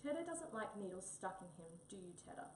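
A woman's voice: medium pitch, big pitch swings, a little fast, a little mellow, reverberant, far from the mic, slight background noise, lightly acted. A woman voicing a happy, muddle-headed, stubborn wombat in a read-aloud story. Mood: stern. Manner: simple, stubborn.

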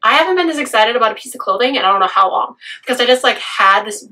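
A hoarse woman with a raspy voice, gushing through a casual try-on haul vlog. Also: a little high, expressive, quick pace, sharp tone. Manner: gushing, effusive. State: hoarse from a cold. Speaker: fashion vlogger.

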